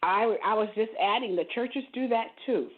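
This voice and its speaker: A woman's voice: fairly high pitch, moderate pace. A woman co-hosting a casual talk show, speaking animatedly and often repeating words as she starts a thought. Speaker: podcast co-host. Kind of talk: casual conversation. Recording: thin phone-line audio.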